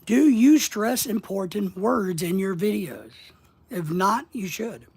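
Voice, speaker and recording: A middle-aged man coaching about social media in a folksy, deliberate way, asking his listeners question after question and pausing often. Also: high-pitched, animated, gravelly, a little mellow, breathy edge. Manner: folksy, asks the audience rhetorical questions, slow deliberate pauses. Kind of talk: motivational instructional monologue.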